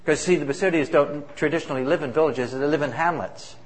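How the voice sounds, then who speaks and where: Man, missionary, fairly high voice, emphatic storytelling, animated, acts out quotes. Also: quick pace. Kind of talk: spoken testimony storytelling.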